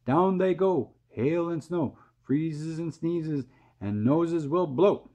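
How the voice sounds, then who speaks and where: A man's voice: a little high, takes it slowly, mellow, pitched above the performer's own voice. A man voicing a band of gleeful cloudmen chanting a sing-song rhyme.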